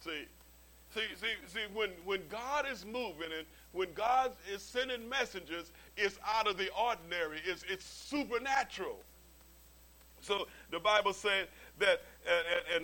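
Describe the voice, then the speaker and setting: A man's voice: high voice, unhurried, low-quality recording. A man preaching a sermon as pastor, telling stories with humorous asides and often repeating his words as he starts a sentence. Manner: animated storytelling with humorous asides.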